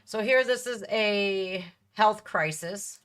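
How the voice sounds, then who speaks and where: A woman's voice: medium pitch, slow, a bit bright, clear, resonant tone. A woman in her thirties talks straight to her viewers in a casual reaction video, blunt and emphatic. Her voice sits in an ordinary middle register.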